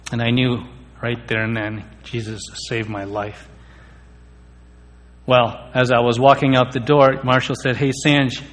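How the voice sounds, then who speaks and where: A man's voice: mid-range voice, fairly bright tone. A man telling his personal faith testimony in an earnest way, sometimes stammering on key words. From India. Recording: long reverb of a hall.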